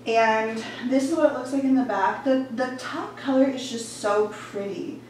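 A woman's voice: a little high, moderate pace, darkish tone, slight background noise. Breathless, gushing woman. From Georgia, US Southern. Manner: chatty, gushing, many "like" fillers. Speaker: fashion vlogger. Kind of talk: casual try-on haul chat. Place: warm bedroom at home. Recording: echoey room, voice a bit far off.

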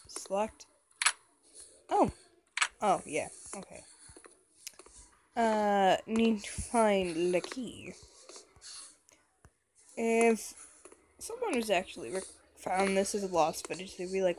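A woman doing let's-play commentary on a horror game, chatting and joking as she talks back to the characters. Her pitch swings widely while her pace stays unhurried. A steady hiss runs under the recording. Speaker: gamer playing a horror game.

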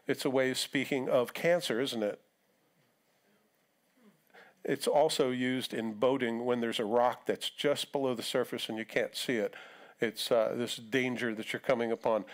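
Conversational male pastor preaching. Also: on the high side. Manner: conversational preaching with acted-out quotes. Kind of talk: sermon. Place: church sanctuary.

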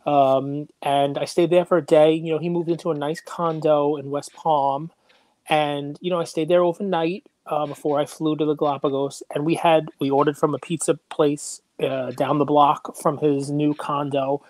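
A woman's voice: low-pitched, little pitch movement, normal speed, a little mellow, no echo, natural voice. A man voicing his older mother, a chatty woman with a Brooklyn accent who rambles off topic. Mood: rambling. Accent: New York (Brooklyn).

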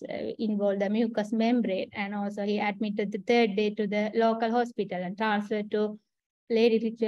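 A woman's voice: mid-range voice, darkish tone, dry recording, lo-fi sound. A woman with a Sri Lankan accent giving a clinical case presentation, hesitant with many fillers and restarts. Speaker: trainee doctor presenting a case.

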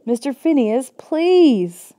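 A woman voicing a mischievous boy who shouts in panic after his runaway dog. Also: sits high, very animated, slow, pitched above the performer's own voice, full character voice. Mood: panicked.

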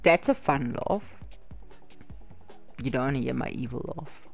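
A hoarse woman giggling, swearing and shrieking with excitement through her let's-play commentary, over faint game music. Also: rumbling low, unhurried. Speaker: gamer.

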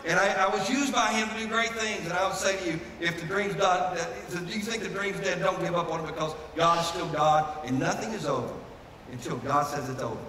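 A man's voice: sits high, brisk, sharp tone, slight background noise. A man preaching a sermon as pastor, building to fervent repeated refrains. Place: church sanctuary. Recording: echoey hall, mic from a distance.

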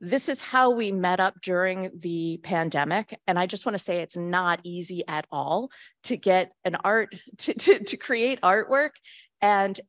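Woman, middle-aged, reflective personal talk, low-pitched, dry close sound. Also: expressive, measured pace, no room sound. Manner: candid, reflective storytelling with quoted asides. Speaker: speaker at a secular community gathering. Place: community gathering hall.

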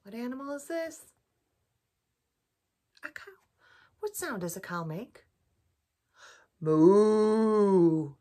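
A woman storyteller reading a picture book aloud for a bedtime program, gently asking children questions as she goes. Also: medium pitch, expressive, drawn-out words, long pauses.

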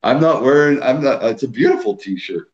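Quebec man, host, playful ribbing, mid pitch, muffled lo-fi stream sound. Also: lively intonation, moderate pace. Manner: teasing, jokey, reads out viewer names. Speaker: host of a live whisky stream. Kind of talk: casual live-stream banter.

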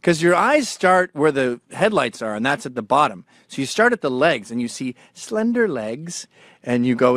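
A man's voice: mid-range voice, sing-song, normal speed, no room sound. Crude fortysomething guy ranting on his show, voice leaps all over, dry close mic. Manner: crude, jumps between mumbling asides and sudden loud outbursts. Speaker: show host. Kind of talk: profane comedic monologue.

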